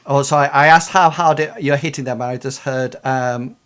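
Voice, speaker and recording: A man's voice: medium pitch, fairly even intonation, moderate pace, fairly bright tone, clean tone. A young man narrating a tabletop game as game master, hesitant and full of fillers and restarts.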